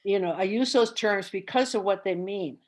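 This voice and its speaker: Casting: middle-aged woman trainer, earnest, mid-pitched, often restarts phrases. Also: moderate pace, slight background noise. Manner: earnest, self-correcting, repeats words. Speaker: caregiving trainer. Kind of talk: presentation with discussion.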